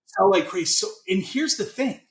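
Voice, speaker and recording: A chatty, enthusiastic American man pitching his business as a guest, his voice pitched a little high. He sounds like he's in a roomy, echoing space, talking loosely and casually. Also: expressive, moderate pace, over a noisy crowd. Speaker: guest, financing consultant. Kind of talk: casual interview chat.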